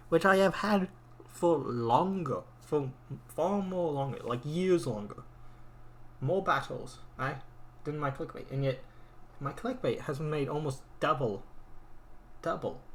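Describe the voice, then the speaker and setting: A frustrated gamer man who vents in a heated, swearing rant and repeats his points to hammer them home. His voice sits a little higher than most men's, with a faint hiss of noise behind him. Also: expressive, unhurried. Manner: frustrated, swears often, repeats words for emphasis. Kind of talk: angry ranting commentary over a game screen.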